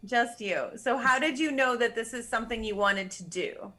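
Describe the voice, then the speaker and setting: A woman co-hosting a casual live-stream chat, teasing the guest, laughing often and firing quick questions. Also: a little high, pushed and bright. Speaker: co-host.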